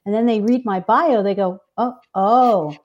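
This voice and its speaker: A woman guest author speaks earnestly in an interview, offering heartfelt spiritual advice. Her voice is mellow and her pitch is mid-range. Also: a little fast, muffled recording. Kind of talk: interview chat.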